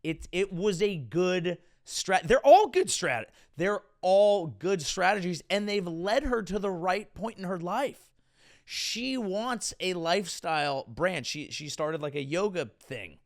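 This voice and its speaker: Male comic host, sarcastic rant, gravelly and lively. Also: sits high, slow pace. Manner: sarcastic, mocking, lively riffing. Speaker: comedian and host. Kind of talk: comedic podcast rant.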